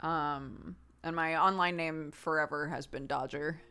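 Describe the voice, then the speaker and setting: A woman in her thirties, a streamer casually answering chat questions in a relaxed, chatty way and laughing often. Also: low-pitched, unhurried, smooth, faint music behind.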